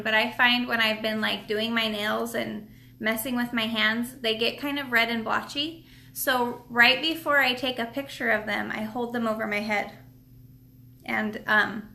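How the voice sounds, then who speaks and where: A woman with a high-leaning, gravelly, sharp voice hosts a casual live stream tutorial from a table at home. She sells nail products and rambles chattily, full of fillers and restarts, sounding a bit out of breath.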